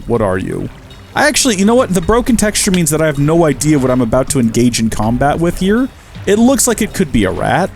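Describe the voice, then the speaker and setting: A man's voice: mid-range voice, a little mellow. A man giving casual, chatty commentary while playing a survival game, talking to the animals he meets and joking with himself. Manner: chatty, talks to animals and himself, jokey asides. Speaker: Minecraft let's-play host.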